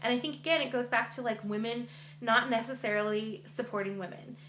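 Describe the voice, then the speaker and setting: A woman's voice: a little high, fairly even intonation, brisk, fairly bright tone. A young woman vlogger chatting earnestly to her camera, with lots of fillers. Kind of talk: casual chat to camera. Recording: echoey room with faint hum.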